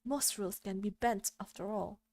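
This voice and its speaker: A woman's voice: medium pitch, fairly even intonation, moderate pace, darkish tone, no echo, clean studio sound, natural voice. A woman voicing a grumbling, world-weary old man while reading a visual novel aloud. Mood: dry. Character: grumbling old man in a dim cluttered den.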